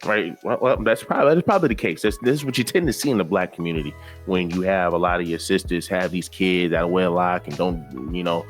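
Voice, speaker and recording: A man's voice: low voice, fast, faint music behind. A man giving reaction commentary in a preachy way, repeating himself and asking rhetorical questions.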